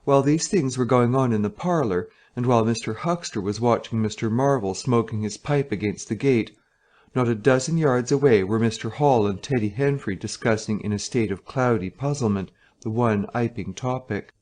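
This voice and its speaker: A man narrating a story slowly and clearly for English learners. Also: medium pitch, darkish tone. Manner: slow, clear, measured reading.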